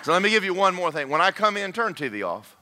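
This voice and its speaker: A man preaching a humorous sermon, shouting his punchlines. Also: sits high, sing-song, fast. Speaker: pastor. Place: church sanctuary.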